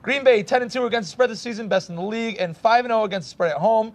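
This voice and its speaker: Host reading football picks, light high voice, laughs often. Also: male voice, very fast. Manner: reads betting stats, laughs often. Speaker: sports show host. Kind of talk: casual sports picks chat. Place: student access radio studio.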